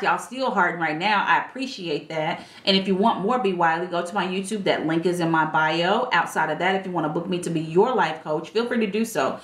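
Casting note: a lower-voiced woman with a style, a blunt and chatty dating coach on a casual stream. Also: fairly bright tone. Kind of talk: casual livestream chat. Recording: echoey room.

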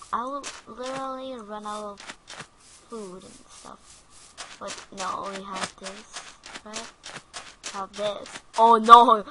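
Brief: woman gaming host, nervous and giggly, unhurried speech, loud noise in the background. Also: mid-range voice. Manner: jumpy, giggly, easily frightened. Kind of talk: casual let's play commentary.

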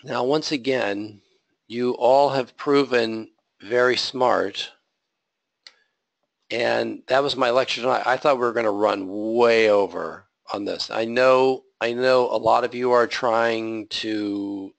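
Slow, gravelly male coding teacher. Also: medium pitch, steady tone, no echo. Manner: talks through code step by step, checking in with "okay?". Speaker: web design instructor. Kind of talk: live coding lecture. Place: classroom.

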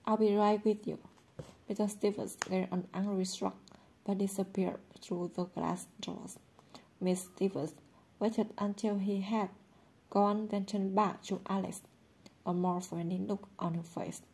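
Mellow husky woman narrating a story. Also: mid-range voice, steady tone, unhurried. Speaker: audiobook reader.

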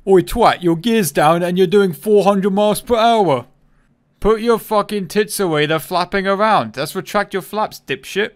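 A man putting on a foul-mouthed male cockpit voice with a British accent, loud and mocking. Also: sits high, normal speed, voice pushed up, natural voice. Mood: rude, mocking.

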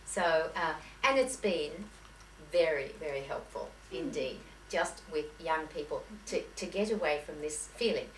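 A faint hiss and heavy echo surround a distant woman's voice in a lecture room. She's a piano teacher addressing teachers, anecdotal and chatty, often restarting or correcting herself, and her voice sits low with lively intonation at a slightly slow pace.

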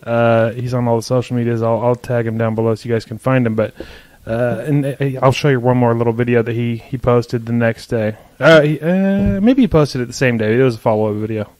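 A man's voice: mid-range voice, fairly quick, a little mellow, no room sound. A man hosting a barbecue podcast, chatting casually and agreeably, often checking in with "right?". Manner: agreeable, easygoing, says "right?" a lot. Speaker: podcast host. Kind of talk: casual chat.

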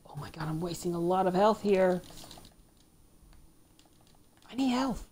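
A woman's voice: fairly low pitch, lively intonation, fairly quick, darkish tone, a little hiss or hum. A woman giving casual commentary while playing a video game, grumbling and dropping into half-whispered asides to herself. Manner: mutters half-whispered asides between exclamations; playfully complaining. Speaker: let's play gamer.

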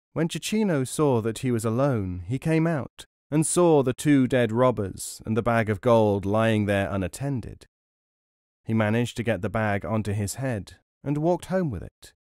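A man's voice: fairly low pitch, expressive, measured pace, darkish tone, dry recording. Man reading folk tales, dry close sound. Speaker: storyteller. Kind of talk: audiobook storytelling.

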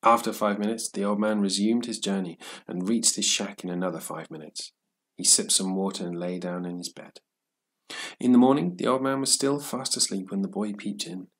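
A man reading a story aloud in a steady, measured narration for English learners. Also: lowish voice.

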